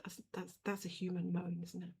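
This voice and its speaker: Low, gravelly woman chatting while stitching. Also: completely flat delivery, normal speed, dark tone. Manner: chatty, blunt, talks to her cat. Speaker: cross-stitch livestreamer. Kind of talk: casual chat while stitching. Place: home room.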